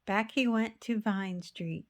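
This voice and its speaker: Woman reading a kids picture book, slow n rhythmic, playful sound words. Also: mid-range voice. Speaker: storybook reader.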